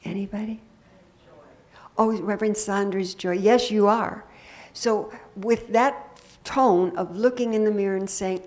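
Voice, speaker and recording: A woman's voice: mid-range voice, unhurried. Woman minister preaching conversationally. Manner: warm, conversational preaching with humor and audience questions. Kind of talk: sermon to a congregation. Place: church sanctuary.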